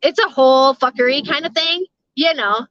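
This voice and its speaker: A woman's voice: high-pitched, normal speed, no room sound. A middle-aged woman chatting casually with her live viewers, rambling, swearing freely and laughing often. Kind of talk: casual live-stream chat. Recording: dull, lo-fi sound.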